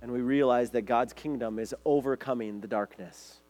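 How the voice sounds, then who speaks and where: A man's voice: mid-range voice, normal speed, a little mellow. A man preaching a sermon as pastor, earnest, reading scripture aloud to his congregation.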